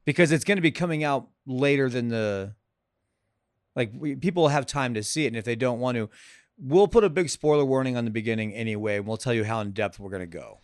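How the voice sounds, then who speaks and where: A man's voice: mid-range voice, fairly quick, no room sound, clean studio sound. A man co-hosting a podcast, casual and joking, tossing in playful quips. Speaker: podcast co-host.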